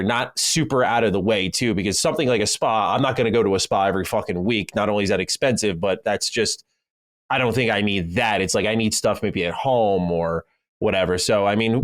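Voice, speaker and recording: Low-voiced man hosting a podcast. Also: no echo, clean studio sound. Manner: thoughtful, loosely phrased, leads topics. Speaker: podcast co-host. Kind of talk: casual podcast chat.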